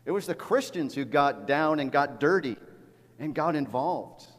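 A middle-aged pastor preaching in a church, earnest and a little halting, doubling words as he goes. His voice sits somewhat high for a man. The big sanctuary gives it a long, ringing reverb. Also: lively intonation. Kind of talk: sermon. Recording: long reverb of a large hall.

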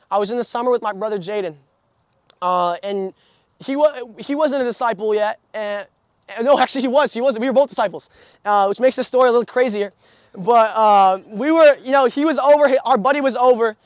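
Young man, high voice, dry close sound, sermon with rambling stories. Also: brisk, no echo. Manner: storytelling with frequent restarts and filler. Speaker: preacher.

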